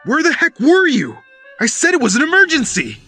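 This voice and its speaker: A man doing a gruff, scolding father. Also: fairly high pitch, sing-song, brisk, faint music behind. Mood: yelling. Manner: shouts and scolds. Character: stern middle-aged father, gruff and scolding.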